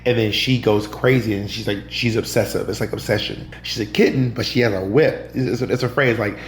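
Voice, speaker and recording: A man from Georgia chats as a podcast guest, telling stories with animated delivery and voicing the people in them. His voice carries a roomy echo, with a faint hum underneath. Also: lowish voice, brisk. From Georgia, USA. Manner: animated, acts out other people's lines in quotes. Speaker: podcast guest, drag performer and comedian. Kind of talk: casual storytelling in an interview.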